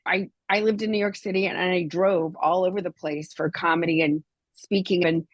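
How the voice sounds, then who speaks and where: A woman who hosts a podcast and performs comedy, chatting in a bubbly, expressive way with quick reactions. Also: on the low side, no echo, dull audio. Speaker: podcast host, comedian and speaker. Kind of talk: casual podcast chat.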